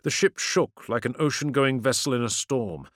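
A man's voice: mid-range voice, normal speed, no echo, clean studio sound. A man reading a science fiction audiobook in a dramatic, vivid narration style.

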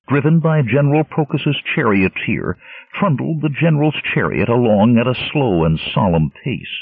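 A man narrating an adventure novel in a dramatic, expressive storytelling manner. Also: fairly low pitch, vocal fry, husky, dry recording. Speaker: audiobook narrator. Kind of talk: scripted narration. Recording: tinny lo-fi narrowband audio, dry.

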